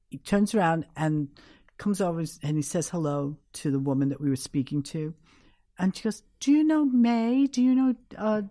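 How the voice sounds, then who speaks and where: This older New York woman has a lowish voice, captured cleanly in a studio with no echo. As a guest in an interview, she tells candid stories full of anecdotes and performs the quoted lines herself.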